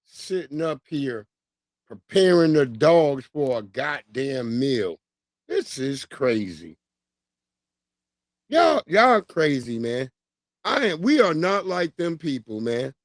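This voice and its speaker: A male streamer riffs in unhurried, drawn-out phrases, mocking what he watches with crude outbursts. His voice sits a little high and the sound is dry and close. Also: very animated, no room sound. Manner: loud, profane, mocking reactions. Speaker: livestream host. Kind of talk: casual live commentary.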